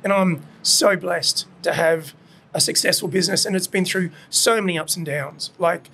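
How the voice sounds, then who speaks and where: A man's voice: high-pitched, normal speed, gravelly, sharp tone, slight background noise. A man, a restaurant owner, talking candidly and frankly as a podcast guest in his restaurant. He swears freely and rambles, with many fillers. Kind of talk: candid casual chat.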